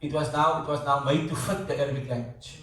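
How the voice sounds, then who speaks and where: A male lecturer explains things in a loose, conversational way, circling back on words and checking in with his students. His voice sits slightly high and carries from a distance. The room around him is very echoey. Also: steady tone, fast, a bit bright. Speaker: teacher. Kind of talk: classroom lecture. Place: classroom. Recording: echoey classroom, voice from far off.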